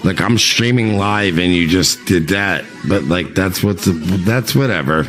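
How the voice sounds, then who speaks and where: A man's voice: sits low, animated, unhurried, a bit bright, soft background music. A drunk man in his forties on a live stream, chatting casually in a crude, rambling, defensive way. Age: 40s.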